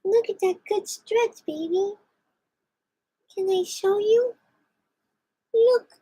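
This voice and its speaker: A woman putting on a very high, squeaky baby-talk voice that coos at a pet cat. The tone stays soft and mellow, with no edge to it. It is doting, sing-song cat talk. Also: slow pace. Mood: cooing. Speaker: pet owner.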